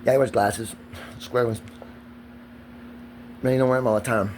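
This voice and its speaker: A man's voice: medium pitch, steady tone, normal speed, darkish tone, a little hiss or hum. A man, ranting in a profane, agitated and rambling vlog monologue recorded outdoors. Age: 40s.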